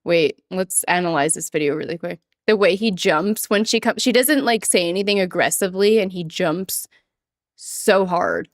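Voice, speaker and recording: A woman streaming casually to her chat, chatty and giggly, sometimes mimicking a quoted line in a higher voice. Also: normal speed, no room sound, studio quality. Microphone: desk microphone.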